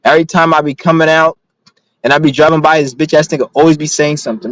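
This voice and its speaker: A man's voice: on the high side, steady tone, quick pace, fairly bright tone, dry recording, poor audio. Young guy venting in his car, swears nonstop, rambly and heated, dry close mic. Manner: profane, rambling, agitated storytelling. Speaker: vlogger. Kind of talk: casual rant to camera.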